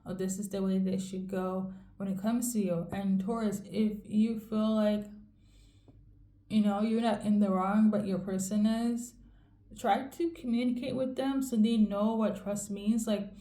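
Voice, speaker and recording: A woman giving a casual tarot reading in a rambling, fairly monotone way, often checking in with "okay?". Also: mid-range voice, measured pace, roomy sound. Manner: monotone delivery. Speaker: tarot reader.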